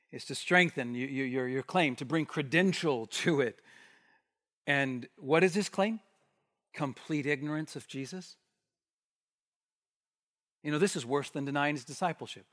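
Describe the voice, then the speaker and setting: Animated man preaching in a reverberant hall. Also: medium pitch. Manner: animated, acts out the bystanders' challenge. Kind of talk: expository sermon.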